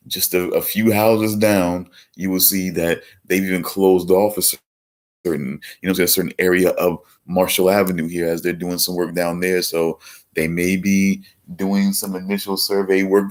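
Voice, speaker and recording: A deep-voiced man hosting a casual livestream. He rambles along, restarting sentences and repeating words such as "certainly" as he talks to his viewers. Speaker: livestream host.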